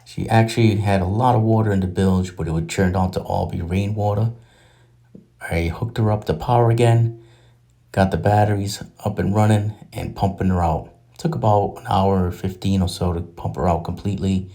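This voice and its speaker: A man giving a relaxed, matter-of-fact voice-over about his own boat projects. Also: sits low, normal speed. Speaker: boating vlogger. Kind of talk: casual voice-over narration.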